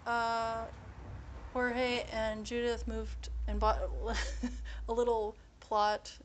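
A woman's voice: on the high side, little pitch movement, extremely slow, slight background noise. Easygoing woman chatting while she eats. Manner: easygoing, supportive, chews while talking. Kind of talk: casual chat.

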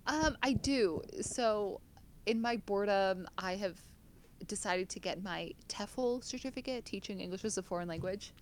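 A woman's voice: medium pitch, moderate pace, slight background noise. A young American woman co-hosting a podcast, chatting casually and laughing at herself. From United States. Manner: chatty, self-deprecating, laughs often. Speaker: podcast co-host. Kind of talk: casual chat.

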